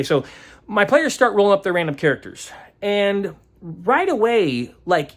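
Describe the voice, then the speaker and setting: Man, game master type, loose rambling recap, stops to hunt for the right word, chuckles a lot. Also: a little high. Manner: rambling, searching aloud for words; chuckles often. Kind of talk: casual vlog recap.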